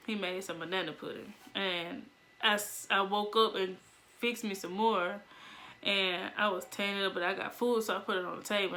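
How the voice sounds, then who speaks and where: A young woman telling a story casually, animated, laughing and acting out the voices of people in it. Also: medium pitch. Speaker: vlogger.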